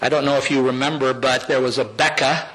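An older man, a pastor, giving a heartfelt personal testimony to his congregation with slow, emphatic phrases. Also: mid-range voice, steady tone, fairly bright tone, poor audio.

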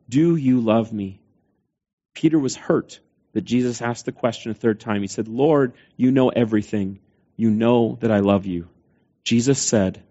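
A man's voice: mid-range voice, mellow, lo-fi sound. A man preaching a sermon, retelling scripture in a conversational way with quoted dialogue. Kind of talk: sermon storytelling.

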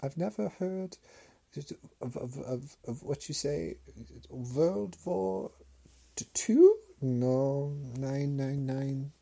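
A man voicing an evasive old German grandpa, a former soldier, with a mock German accent and halting, feigned innocence. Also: medium pitch, expressive, vocal fry, dark tone, voice pushed up, full character voice.

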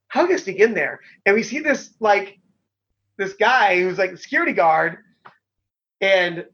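A man's voice: high voice, fairly bright tone. A middle-aged man, a former pro wrestler, telling stories in a casual, rambling way, full of fillers and the odd swear word. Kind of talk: casual storytelling. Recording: dull lo-fi sound.

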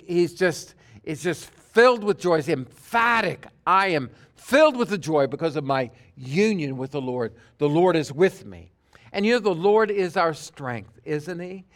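Male pastor preaching an earnest sermon, unhurried, slightly high voice. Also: clean tone. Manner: emphatic preaching, slow and earnest.

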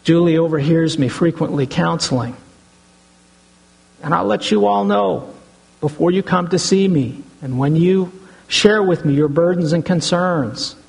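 A man's voice: on the high side, measured pace, creaky, a little mellow, breathy edge, rough recording. A middle-aged man, a pastor, preaching an earnest sermon and often addressing the congregation as brothers and sisters.

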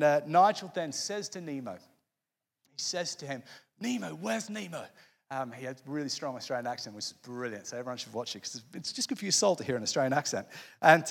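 A man's voice: high voice, fairly bright tone, big-room sound. A man preaching an impassioned sermon as pastor of his church, earnest and fervent, often restarting his phrases.

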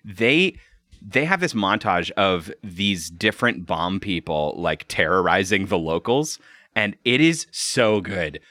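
A man in a casual podcast chat, with a low but bright, ringing voice that rises and falls a lot. He talks animatedly, laughs often and restarts his sentences, and the sound is close and dry. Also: very animated, slow, dry recording. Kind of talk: casual chat reviewing a cartoon.

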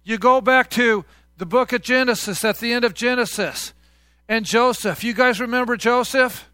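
Bright, high-voiced male pastor preaching. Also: moderate pace, smooth, no room sound, studio quality. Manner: conversational, call-and-response with congregation. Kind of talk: sermon.

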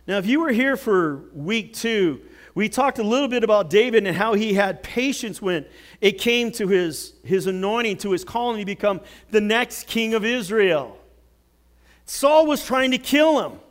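Animated high-voiced male preacher. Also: moderate pace. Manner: animated storytelling, dramatic swings from loud to hushed. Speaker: pastor. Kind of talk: sermon.

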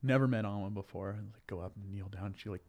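A man's voice: on the low side, quick pace, muffled recording. A man speaking as a guest in a casual conversation, easygoing and thoughtful. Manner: thoughtful, easygoing, loose storyteller. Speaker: podcast guest.

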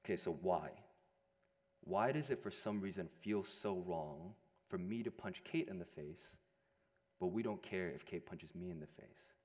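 A young adult man preaching a sermon to a room of listeners, animated, moving between loud emphasis and hushed quiet passages. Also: deep voice, unhurried. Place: large room with an audience. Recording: long hall reverb.

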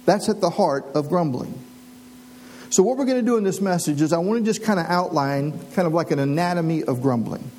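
High-voiced man preaching a sermon. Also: animated, darkish tone, low-quality recording. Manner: earnest preaching, slows to read scripture aloud. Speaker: pastor.

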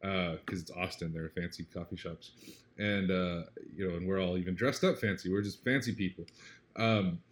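Man, low voice, interview guest, earnest, reflective, casual conversation. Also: normal speed. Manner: reflective, earnest, often asks "right?"; animated when retelling a story.

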